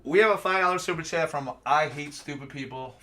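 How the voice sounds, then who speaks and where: Bright agreeable laughing man. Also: fairly high pitch, brisk. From Ohio, United States. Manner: agreeable, laughs often, says yeah a lot. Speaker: livestream co-host. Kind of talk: casual livestream chat.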